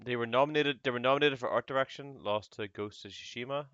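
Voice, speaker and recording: A man's voice: medium pitch, fast, a bit bright, clear, resonant tone, dry recording, lo-fi sound. Man telling gaming anecdotes, dry sound. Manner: storytelling, laughing at his own anecdotes. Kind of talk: casual gaming podcast chat.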